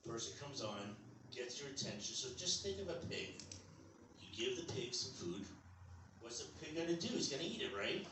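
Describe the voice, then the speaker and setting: A man's voice: mid-range voice, sing-song, normal speed, sharp tone. Older man telling rambling stand-up stories. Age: 60s. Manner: rambling, conversational storytelling. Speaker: stand-up comedian. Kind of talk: stand-up comedy set. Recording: echoey club from far off, audience noise.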